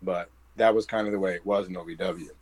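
Speaking fast in a low voice, a New Jersey-accented pro wrestler tells stories as an interview guest, performing the quoted lines with animation. The audio is poor quality but free of echo.

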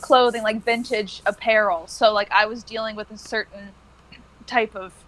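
A woman's voice: mid-range voice, fairly even intonation, normal speed, fairly bright tone, poor audio. A woman in casual conversation, playful and teasing, often laughing. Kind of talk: casual chat.

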